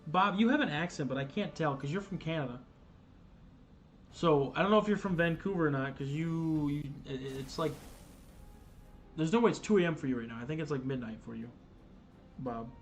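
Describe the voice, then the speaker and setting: A man's voice: on the high side, expressive, a little fast, pauses often, faint music behind. A man hosting a casual gaming livestream, chatting loosely with viewers, swearing and stumbling over restarts and fillers. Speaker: livestream host.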